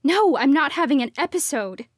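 A woman's voice: high voice, unhurried, dry recording, studio quality. A woman voicing a grieving young woman, tearful and pleading, breaking into cries. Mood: distraught.

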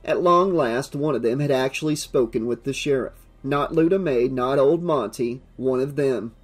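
A man's voice: medium pitch, darkish tone, slightly rough. Man narrating an audiobook.

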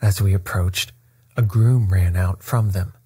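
A man narrating a classic story at bedtime with a soft, steady, soothing delivery. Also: low-pitched, a little slow, slightly rough, dry recording.

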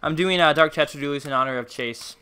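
A man streaming a game live, chatting casually with viewers and teammates, excitable and humming along. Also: fairly high pitch, quick pace, clean tone. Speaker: gaming streamer.

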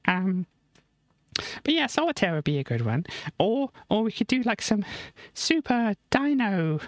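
A woman voicing a bubbly, childlike sidekick friend on a live stream, rambling and stammering happily in a high voice. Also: big pitch swings, a little slow, dry recording. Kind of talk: live stream character bit.

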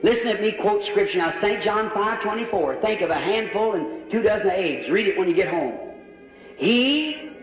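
A man preaches an altar call in a large church, his voice riding high. He pleads fervently, repeating his appeals again and again. The old, dull recording catches him from far off in a long, ringing hall. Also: a little fast, hardly any pauses, soft background music. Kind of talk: sermon altar call and prayer. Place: large church with balcony and box seats.

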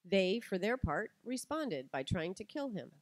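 A middle-aged woman tells stories to a live audience and acts out each quoted line with energy. Her pitch sits in a medium range, and the recording is dry and close. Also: a little slow, dry recording. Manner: animated storytelling, acts out quotes. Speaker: speaker giving a talk. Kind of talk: lively talk to an audience.

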